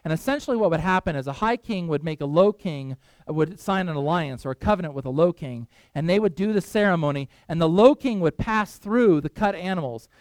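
A man's voice: on the high side, expressive, fairly quick, no room sound. A man preaching a sermon in a church, telling stories with loose, chatty asides to the congregation.

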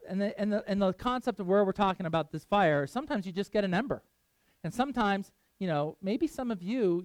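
Male pastor, middle-aged, casual sermon, high voice, dry close sound. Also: a little mellow, no room sound. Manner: chatty, asks the room questions, laughs often. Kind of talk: casual sermon with audience questions.

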